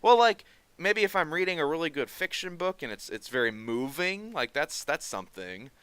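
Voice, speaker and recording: A man chatting casually on a stream, sarcastic and animated, laughing often as he talks. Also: fairly high pitch, moderate pace, clear, resonant tone, no room sound.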